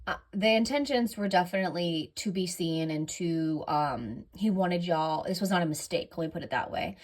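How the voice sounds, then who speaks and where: A woman's voice: lowish voice, lively intonation, moderate pace, darkish tone. A woman running a casual tarot reading, rambling and correcting herself often, audibly breathing heavily. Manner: rambling, filler-heavy, self-correcting. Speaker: tarot reader.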